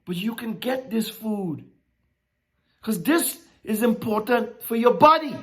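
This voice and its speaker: A woman preaching a sermon, teaching from scripture in a slow, emphatic way. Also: on the high side, lively intonation, a bit bright. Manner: emphatic, rising and dropping sharply, slow deliberate preaching.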